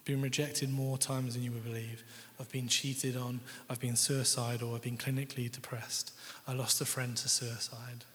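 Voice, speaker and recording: A man's voice: medium pitch, level tone, normal speed, few pauses, fairly bright tone. A young man giving a candid, conversational personal testimony as a guest speaker in a church. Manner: candid, conversational, quotes others' words. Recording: long hall reverb.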